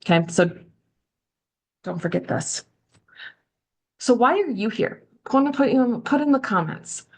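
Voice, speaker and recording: A woman's voice: fairly high pitch, normal speed, long pauses. Chatty woman coaching on a video call. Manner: chatty, candid storytelling with lively quoted voices. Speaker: social media coach. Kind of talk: live online training talk.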